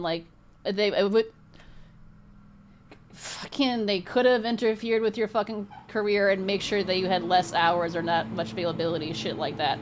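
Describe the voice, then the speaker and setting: A woman reading tarot cards in a vlog, talking bluntly and indignantly with heavy profanity. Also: medium pitch. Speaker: tarot reader.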